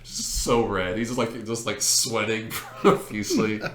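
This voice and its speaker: A young man in casual chat, telling an animated story with laughs and many fillers. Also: fairly low pitch, unhurried. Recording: echoey room.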